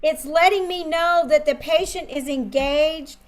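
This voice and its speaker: A woman dental practice trainer teaching a live coaching seminar, animated and instructive, quizzing her audience. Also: high voice, a little slow.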